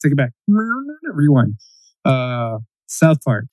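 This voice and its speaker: A man in casual chat, ranting in an animated, profane way and mimicking quotes in a raised voice. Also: medium pitch, unhurried, no echo, rough recording.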